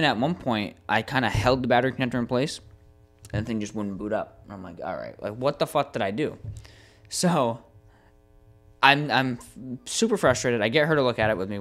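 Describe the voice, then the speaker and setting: A young adult man co-hosting a podcast, telling a long frustrating story in a casual, animated way with plenty of swearing. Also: medium pitch, a little fast. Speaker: podcast co-host.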